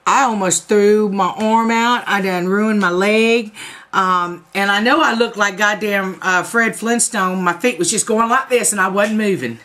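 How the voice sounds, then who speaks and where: A woman's voice: mid-range voice, unhurried, a bit bright. A woman, telling a profane, comic story to her viewers in a casual vlog. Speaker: vlogger.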